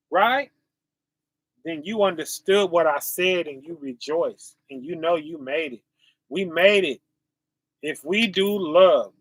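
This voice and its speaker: Slow bright-voiced male street preacher. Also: high-pitched, dry recording. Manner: preachy, rhetorical, keeps asking "right?". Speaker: online preacher. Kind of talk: sermon to camera.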